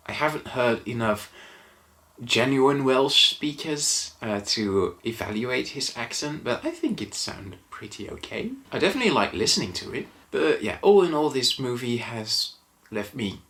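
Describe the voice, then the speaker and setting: A man's voice: lowish voice, fairly bright tone. Hesitant non-native-English man reviewing a film. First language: not English. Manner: hesitant, with frequent ums and restarts. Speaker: movie reviewer. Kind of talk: casual movie review monologue.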